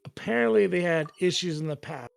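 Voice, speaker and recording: A man's voice: high voice, brisk, vocal fry, clean tone. A man telling a story in casual chat, rambling and swearing freely. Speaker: tv reporter guest.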